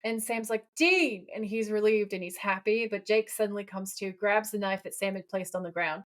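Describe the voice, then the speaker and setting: Woman podcast co-host, medium pitch, gushing, animated retelling. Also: brisk. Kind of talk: casual podcast chat.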